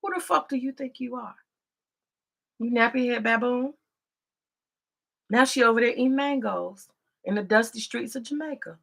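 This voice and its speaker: Gravelly, profane woman ranting. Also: on the high side, moderate pace, long pauses, a bit bright. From United States. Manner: profane, confrontational, preachy. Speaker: commentator. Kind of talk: ranting vlog commentary.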